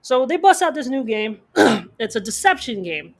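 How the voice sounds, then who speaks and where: A man co-hosting a podcast, telling a story in casual slang, animated and acting out the people in it. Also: very high voice, vocal fry. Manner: fast bursts of speech, slang-heavy. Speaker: podcast co-host.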